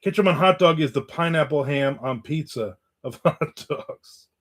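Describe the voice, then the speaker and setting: A man's voice: a little high, normal speed. A middle-aged man from New Jersey hosting a livestream, chatting casually and reading out viewer comments in a blunt, rambling, joking way. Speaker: livestream host.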